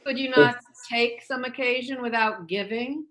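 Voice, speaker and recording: A woman playing Mercutio in a Shakespeare reading, delivering the verse in an animated, mocking way. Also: on the high side, normal speed, a loud crowd, natural voice. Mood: teasing. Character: witty, quarrel-mocking young male Mercutio. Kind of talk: Shakespeare reading over a video call.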